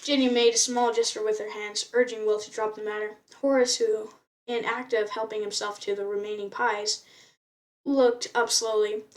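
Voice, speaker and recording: A woman's voice: medium pitch, flat delivery, moderate pace, far from the mic. A woman reading a novel aloud in an unpolished way, often stumbling and restarting words. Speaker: reader.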